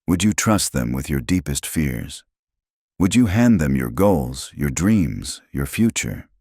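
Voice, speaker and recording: A man narrating a self-help audiobook from a script, speaking dramatically in short punchy phrases with pauses between them. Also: rumbling low, big pitch swings, a little mellow, slightly rough, no room sound, clean studio sound.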